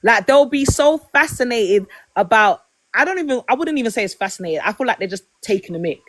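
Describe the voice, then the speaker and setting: A woman's voice: fairly high pitch, expressive, brisk, fairly bright tone, dry recording. A woman speaking as a guest in a live online debate, casual and emphatic, often saying "honestly".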